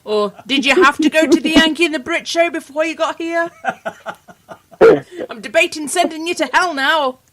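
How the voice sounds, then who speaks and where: Female co-host, high voice, cheeky asides, chattering crowd behind her. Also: moderate pace. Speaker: radio co-host. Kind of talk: casual radio interview.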